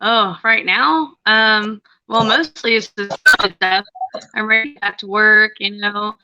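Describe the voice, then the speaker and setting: A woman's voice: medium pitch, steady tone, slow, muffled recording, very noisy. A woman guest on a casual late-night chat, talking in an easygoing way. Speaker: guest caller.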